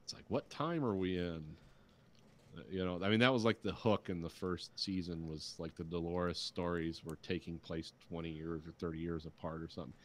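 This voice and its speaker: A middle-aged podcast co-host with a low voice talks briskly in a steady tone. In casual chat he rants, swears freely, and mocks what he dislikes by quoting it sarcastically.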